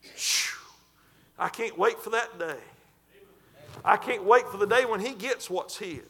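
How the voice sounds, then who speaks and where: A man preaching a sermon in a fervent, folksy way, stretching and shouting scripture lines. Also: high voice, a little slow, breathy edge. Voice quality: folksy, colloquial.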